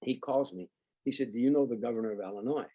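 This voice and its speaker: Older male comic guest, husky timbre, spins anecdotes with voiced dialogue. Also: medium pitch, fast, dull audio. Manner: animated anecdotes, acts out quoted dialogue. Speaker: guest comedian. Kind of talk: storytelling interview.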